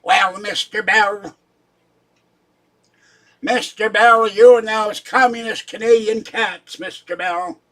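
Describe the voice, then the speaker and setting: A man voicing a blustering self-proclaimed ten-star general of the Lord, pompous and denouncing in slow, booming proclamations. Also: steady tone, a bit bright. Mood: indignant. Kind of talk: livestream character bit.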